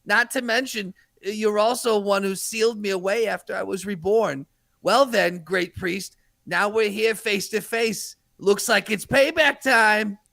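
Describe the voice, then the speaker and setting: A man hamming up Dark Schneider, arrogant sorcerer. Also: high voice, gravelly, heavily acted. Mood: menacing. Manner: boastful, menacing, drawn-out shouted spells. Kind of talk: comedic podcast anime dub parody.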